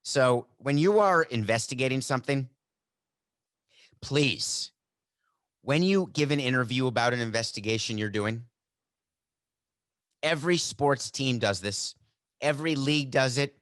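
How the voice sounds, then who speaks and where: A man's voice: medium pitch, a little slow, long pauses, fairly bright tone, no room sound. A man hosts a sports talk podcast in a sarcastic, mock-dramatic monologue. His voice sits in a middle register, and the desk mic is close and completely dry. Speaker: podcast host. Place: desk at home studio.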